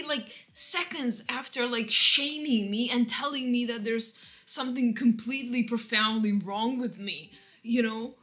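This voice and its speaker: Speaking unhurriedly in a fairly high, bright, pushed voice, a woman vlogger vents through an emotional story-time. She rambles and restarts often, peppering everything with "like" and "you know," and bitter laughter breaks into her anger.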